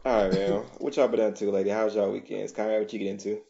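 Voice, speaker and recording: A man's voice: fairly low pitch, little pitch movement, fast talker, vocal fry, warm tone. A man hosting a podcast, talking in a laid-back, slangy way and laughing easily. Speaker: podcast host. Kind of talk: casual chat. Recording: muffled lo-fi podcast recording.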